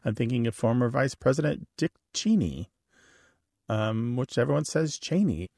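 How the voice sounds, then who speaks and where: A man's voice: mid-range voice, brisk, vocal fry, a little mellow, dry recording, studio quality. A man co-hosting a radio show about language, giving the phone number and chatting.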